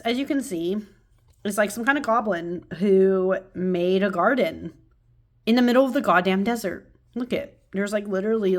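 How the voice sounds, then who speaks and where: Chatty woman rambling about tarot cards. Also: mid-range voice. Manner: enthusiastic and rambling, many fillers and restarts. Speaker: tarot channel host. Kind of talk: casual chat showing tarot cards.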